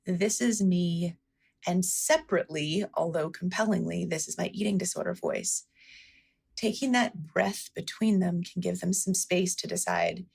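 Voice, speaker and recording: A woman's voice: on the low side, steady tone, normal speed, creaky, darkish tone, slightly rough. A woman physician answering interview questions in an earnest, explanatory way, stressing each word in a list. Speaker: physician guest.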